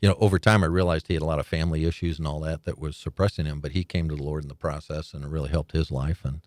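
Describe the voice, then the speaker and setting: Deep-voiced older man telling stories. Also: very fast, dry recording. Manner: animated storyteller, laughs often, acts out quoted voices. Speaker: guest. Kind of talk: storytelling interview.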